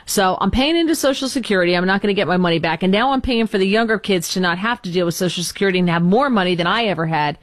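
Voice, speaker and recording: Fast-talking exasperated talk radio hostess. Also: female voice, mid-range voice, no echo, studio quality. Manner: chatty, exasperated, self-deprecating. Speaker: radio talk show host.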